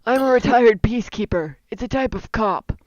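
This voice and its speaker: A woman's voice: fairly high pitch, animated, normal speed, darkish tone, dry recording, lo-fi sound, close to an everyday voice. A woman voicing a polite old man, a retired cop and lawyer, in a put-on old man voice, read aloud from a story. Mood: composed.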